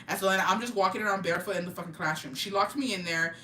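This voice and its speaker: A young woman telling a story in an animated, profane, slang-filled way for a vlog, in an echoey room. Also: medium pitch, very fast, slight background noise. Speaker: vlogger. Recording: echoey room, mic at a distance, faint ambience.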